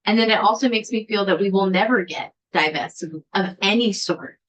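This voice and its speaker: A woman's voice: mid-range voice, normal speed, fairly bright tone, low-quality recording. A woman, a state senator, questioning a witness in committee, earnest and worried, sometimes searching for words.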